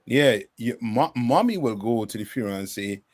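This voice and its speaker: A man's voice: mid-range voice, lively intonation, moderate pace, no room sound. A man teaching a bible class in a preaching style, emphatic and full of rhetorical questions.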